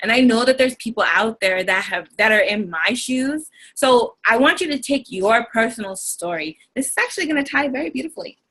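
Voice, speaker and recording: A woman's voice: fairly high pitch, animated, brisk, few pauses, fairly bright tone, slightly rough. A young woman co-hosting a team video call, giving an earnest, encouraging talk from her notes and sometimes searching for words.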